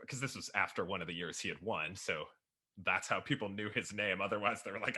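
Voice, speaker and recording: A man's voice: fairly low pitch, brisk, sharp tone, breathy edge. A man from Chicago chatting casually about his jersey collection, enthusiastic and self-deprecating, laughing often. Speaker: writer and podcaster, guest. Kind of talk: casual chat showing off jerseys.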